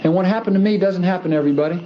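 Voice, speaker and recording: A man's voice: high voice, very fast. A man giving an earnest personal religious testimony, emphatic and repeating key phrases for stress. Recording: dull lo-fi archive recording with faint hiss.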